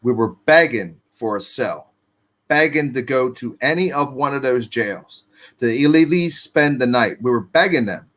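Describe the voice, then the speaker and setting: A man's voice: medium pitch, expressive, a little slow, a bit bright. A man telling his own story in casual street slang, swearing freely and acting out what people said. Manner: street slang, profane, acts out quotes.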